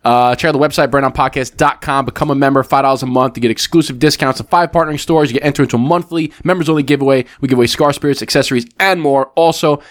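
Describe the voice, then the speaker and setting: A man in his thirties co-hosting a podcast, telling a story in casual, profanity-laced chat. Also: medium pitch. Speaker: podcast co-host.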